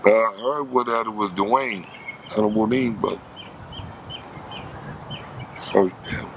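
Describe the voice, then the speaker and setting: Gravelly-voiced man telling street stories. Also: on the low side, slow, slight background noise. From Los Angeles. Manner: street slang, acts out quoted voices. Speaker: interviewee. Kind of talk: storytelling interview.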